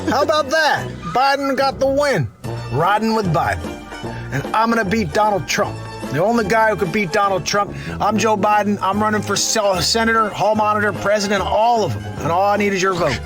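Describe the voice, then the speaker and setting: A man's voice: high-pitched, fairly quick, pitched above the performer's own voice, lightly acted. A man doing an impression of a rambling, confused elderly male politician, played back as a clip with music behind. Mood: bumbling. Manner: rambling, self-interrupting, muddled.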